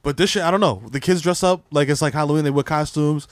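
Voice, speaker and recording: A man co-hosting a comedy podcast, riffing rapidly in casual banter with frequent laughter. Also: fairly high pitch. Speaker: podcast co-host.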